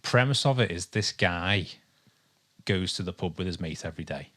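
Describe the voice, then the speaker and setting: A man's voice: low voice, expressive, normal speed, a bit bright. A man from England co-hosting a casual podcast, rambling through his thoughts with lots of ums and restarts. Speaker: podcast co-host. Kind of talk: casual chat. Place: home with a dog nearby.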